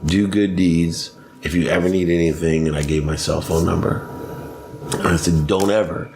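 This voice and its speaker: Low-voiced male guest with a lively, laughing storytelling manner, faint background noise. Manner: energetic, laughs often, fast storytelling. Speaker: podcast guest, sports marketing CEO. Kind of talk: animated storytelling.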